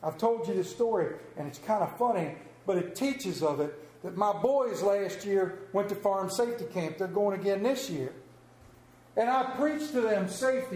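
A man's voice: sits high, normal speed, darkish tone. A man preaching a sermon as pastor, telling folksy stories and joking about himself. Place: church. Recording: echoey church room.

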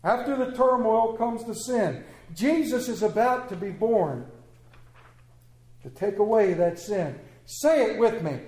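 A man preaching a sermon to a congregation, swinging between loud emphatic phrases and hushed low lines, repeating phrases to build his point. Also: expressive, unhurried. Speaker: pastor. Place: church sanctuary with congregation. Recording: echoey church room.

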